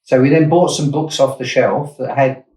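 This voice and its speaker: A man's voice: mid-range voice, fairly even intonation, moderate pace, a little mellow. This is a man in his sixties from Essex, England, reminiscing about his working life as a guest in an interview. He rambles, corrects himself mid-phrase and goes off on asides. He sits back from the mic in a room with noticeable echo. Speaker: investor and startup founder, guest. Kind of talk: anecdotal interview storytelling. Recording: roomy, distant mic.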